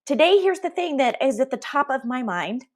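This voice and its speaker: A middle-aged woman with a fairly high voice hosts a live motivational talk for leaders. She is upbeat and emphatic, and keeps asking her viewers "right?" as she talks straight to them. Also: big pitch swings, normal speed. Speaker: leadership coach and host.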